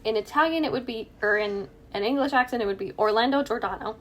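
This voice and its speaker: A woman's voice: on the high side, fast talker, a little hiss or hum. A woman co-hosting a true crime podcast, chatting casually, joking and laughing at her own asides. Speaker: podcast co-host.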